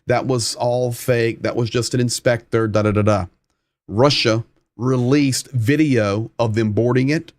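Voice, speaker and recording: A man's voice: medium pitch, steady tone, measured pace, a little mellow, dry recording. A man hosting a live war update stream, translating clips and stressing points by repeating himself. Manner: emphatic, repeats phrases for stress.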